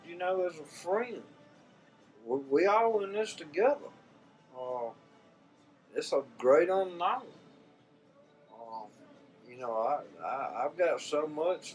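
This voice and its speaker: A man's voice: medium pitch, a little mellow, a little hiss or hum, low-quality recording. An older man with a Southern US accent talking casually and from the heart to his viewers in a folksy, rambling way, often repeating his words. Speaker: vlogger. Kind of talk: casual heartfelt talk to camera.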